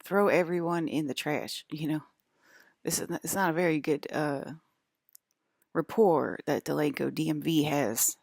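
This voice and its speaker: A low-pitched woman with a gravelly, creaky voice talks straight to her audience. She drifts from one thought to the next, stopping and restarting sentences. The sound is dry and close. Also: a little slow, a little mellow, no echo. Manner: rambling, restarts, drifts between topics. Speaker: broadcaster. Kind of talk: rambling monologue to viewers.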